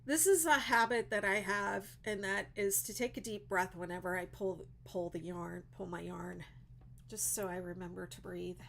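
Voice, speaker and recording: A woman's voice: medium pitch, moderate pace, vocal fry, fairly bright tone, a little hiss or hum. A woman crochet designer chatting casually on a livestream, reading viewer comments, teary and emotional with lots of fillers.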